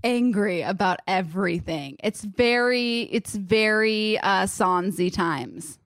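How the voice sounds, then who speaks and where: A woman's voice: mid-range voice, animated, takes it slowly, no room sound. A woman in her thirties co-hosting a podcast, bantering playfully and joking at her own expense. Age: 30s. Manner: playful, self-mocking banter. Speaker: podcast co-host. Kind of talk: casual chat.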